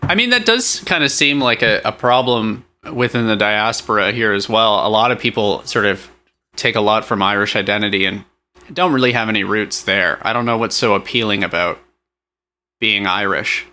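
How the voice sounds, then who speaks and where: A man's voice: fairly low pitch, moderate pace, sharp tone. A man playing the straight man in improvised comedy, asking dry, probing questions.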